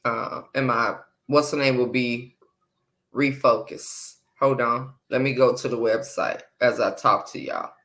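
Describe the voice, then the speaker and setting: A woman's voice: very deep voice, steady tone, unhurried, a bit bright. A woman hosting a casual live stream, chatting with viewers and greeting them by name with repeated hellos.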